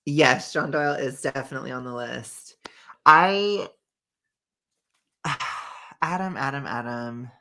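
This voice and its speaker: A woman with a strikingly deep, gravelly voice co-hosts a casual chat, emphatic and opinionated. Her tone is bright and pressing, and she laughs often between points. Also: slow, long pauses. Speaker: co-host.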